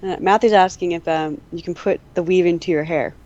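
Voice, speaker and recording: A woman's voice: fairly low pitch, fairly even intonation, brisk, darkish tone, dull audio. A woman from Canada co-hosting a casual podcast chat, teasing and laughing often. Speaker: podcast co-host.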